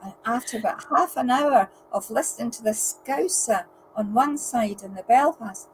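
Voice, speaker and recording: Chatty woman with a fairly high voice. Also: moderate pace, slight background noise, low-quality recording. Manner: chatty, anecdotal. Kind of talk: casual group chat.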